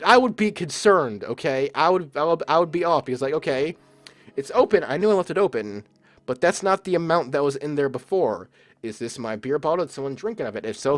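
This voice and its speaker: A young man commenting casually on a game, rambling and stammering, swearing often. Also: mid-range voice. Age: young adult. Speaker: let's player.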